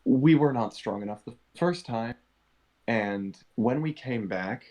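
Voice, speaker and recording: A man speaking in character at a game table, in a mid-pitched, ordinary voice. He explains things step by step in a measured and earnest manner. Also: animated, dark tone, rough recording. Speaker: player.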